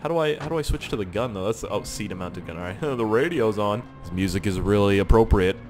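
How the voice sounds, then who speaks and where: A man giving casual gameplay commentary, excitable, swearing often and laughing at surprises. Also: fairly low pitch, fast talker, faint music behind. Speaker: gaming channel host.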